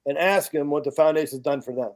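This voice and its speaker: A man from the United States talks casually and bluntly, his voice sitting a touch high for a man. He swears freely and jumps into acted-out bits of his own story with plenty of energy. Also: fast talker. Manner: blunt, profane, animated storyteller. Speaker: podcast guest, charity founder.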